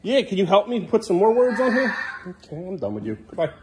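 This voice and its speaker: Frustrated dad scolding his kid, lively pitch swings, background noise clearly audible. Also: brisk. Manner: exasperated, scolding, loud and sharp at times. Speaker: father. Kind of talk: family home vlog.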